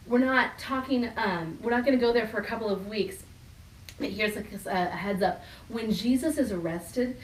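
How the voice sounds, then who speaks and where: A middle-aged woman pastor preaching a sermon, animated and laughing as she acts out quoted voices. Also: medium pitch, far from the mic, slight background noise. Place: church hall. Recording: echoey room from off mic.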